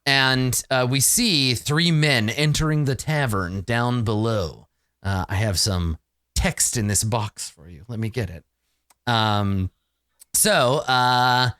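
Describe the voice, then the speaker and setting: A man running a tabletop game as game master, animated and laughing often as he narrates. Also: medium pitch, takes it slowly, clear, resonant tone, no echo, clean studio sound.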